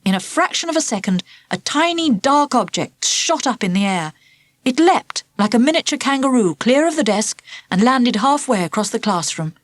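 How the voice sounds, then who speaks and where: Lively woman narrating a children's storybook. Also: a little high, normal speed, dry recording. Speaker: audiobook narrator.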